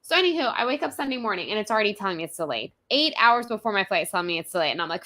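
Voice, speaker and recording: Woman with a bright, animated storytelling voice. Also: medium pitch, racing, few pauses. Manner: animated, profane, self-mocking storyteller. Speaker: podcast co-host. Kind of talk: casual storytelling chat.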